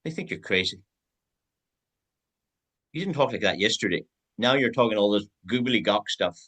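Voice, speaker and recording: A man's voice: fairly low pitch, lively intonation, moderate pace, a bit bright, poor audio. A man giving a team sales training talk, acting out both sides of example conversations.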